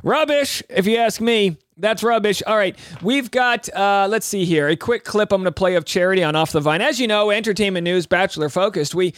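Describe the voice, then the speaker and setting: A man with a fairly high voice hosts a commentary podcast, and he is animated and sarcastic, full of rambling asides. His voice sounds dry and close to the mic, with no room sound at all. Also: a little fast, hardly any pauses, no room sound. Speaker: podcast host.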